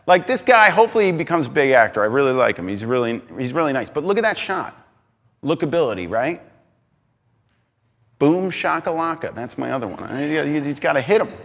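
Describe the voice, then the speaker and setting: A man giving an energetic talk on stage, emphatic and excitable, swinging between loud bursts and quieter asides. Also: mid-range voice. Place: large hall on stage. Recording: reverberant hall.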